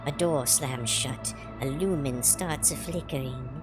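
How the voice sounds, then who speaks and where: A woman voicing a playful, teasing female psyker in a game reading, in a lowered voice. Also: unhurried, over music.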